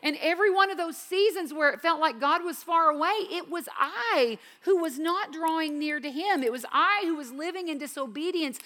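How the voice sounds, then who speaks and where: Earnest woman in her fifties, bright voice. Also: very high voice, moderate pace, hardly any pauses. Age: 50s. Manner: earnest, emphatic, swings from quiet to intense. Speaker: Bible teacher. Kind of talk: devotional teaching. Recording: reverberant hall.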